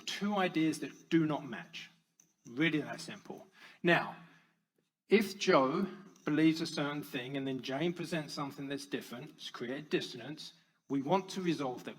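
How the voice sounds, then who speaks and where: Man giving a lively public talk. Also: fairly high pitch, normal speed, low-quality recording. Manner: storytelling with swings between loud emphasis and soft quiet lines. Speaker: conference speaker.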